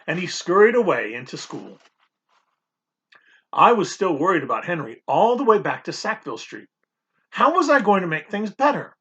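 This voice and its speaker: A man narrating an audiobook in the first person, expressive and nervous in tone. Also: sits high, highs cut off.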